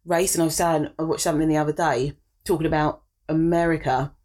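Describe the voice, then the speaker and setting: A woman co-hosting a casual chat, chatty and expressive, laughing often. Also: deep voice, fairly quick.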